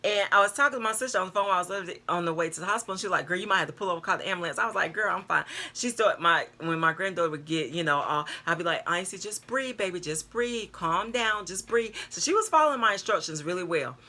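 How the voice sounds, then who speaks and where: An older woman, telling a personal story to her viewers in a chatty, animated way, calling them girl and y'all. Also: lowish voice, racing, hardly any pauses. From North Carolina, US. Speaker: vlogger. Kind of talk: casual storytelling to camera.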